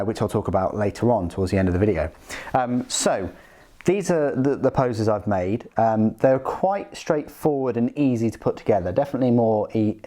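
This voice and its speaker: Guy reviewing a hobby kit, lowish warm voice, lots of pauses, unscripted. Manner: halting, hesitant, thinks aloud as he goes. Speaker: miniatures reviewer.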